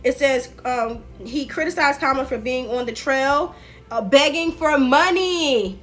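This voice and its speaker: A woman hosting a livestream, chatting casually and directly to her viewers in loose, slangy speech, retelling things with animated swings in pitch. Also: measured pace. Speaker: livestream political commentary host. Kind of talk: casual chat.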